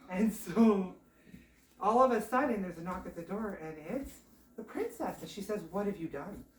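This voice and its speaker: A woman telling a folk tale in a chatty, animated, casual way. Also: mid-range voice, moderate pace, a little hiss or hum. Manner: chatty, animated, laughs often. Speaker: storyteller. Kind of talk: casual oral storytelling. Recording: roomy, distant mic.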